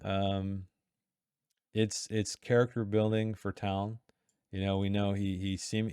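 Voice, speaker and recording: A lower-pitched man speaks close to the mic in a dry room with no echo. His critique of a text is casual and chatty, full of restarts and side remarks, and he stops now and then to read a passage aloud. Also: a little mellow, clear, resonant tone. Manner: chatty, self-interrupting, reads passages aloud. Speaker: writer giving editing critique.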